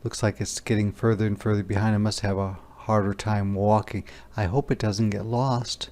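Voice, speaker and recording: A man teacher reading a picture book aloud to young children, slow and gentle, asking them questions as he goes. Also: fairly low pitch, level tone. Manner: slow, gentle, asks the listener questions, voices animal sounds.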